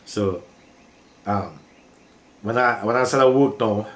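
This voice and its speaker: A man's voice: lowish voice, slow pace, reverberant. An older man with a Trinidadian accent tells an emotional story from his working life in a casual, repetitive way, often calling the listener "boy".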